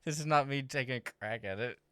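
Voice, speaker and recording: A man's voice: mid-range voice, brisk, bright, forceful tone, clear, resonant tone, dry recording. A man chatting on a podcast, telling family stories and chuckling through his own jokes. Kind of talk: casual chat.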